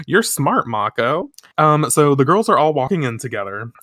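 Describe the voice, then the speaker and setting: Animated podcast co-host recapping a manga. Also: medium pitch, normal speed, few pauses, no room sound, studio quality. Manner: animated, swears, reads lines in playful voices. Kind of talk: casual chat recapping a manga.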